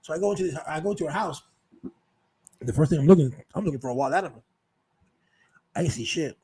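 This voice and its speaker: A man's voice: on the high side, expressive, quick pace, warm tone, a little hiss or hum, rough recording. A man telling a rambling, profane story in a casual monologue, full of restarts and repeated words. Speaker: show host telling stories.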